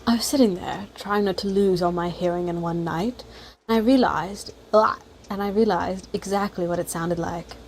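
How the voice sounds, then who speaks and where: A woman's voice: mid-range voice, moderate pace, close to an everyday voice. A woman voicing a flamboyant, snippy man with a British accent who holds court over a crowd in a story game. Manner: snippy, theatrical.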